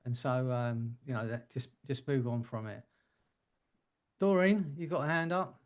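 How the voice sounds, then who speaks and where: A man's voice: mid-range voice, a little slow. A man hosting a group coaching call, giving casual advice with jokes and frequent laughs. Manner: warm joking advice, laughs often.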